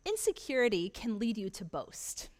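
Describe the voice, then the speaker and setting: High-voiced woman pastor preaching. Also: very animated, normal speed. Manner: storytelling, earnest, frequent restarts. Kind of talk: sermon. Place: church.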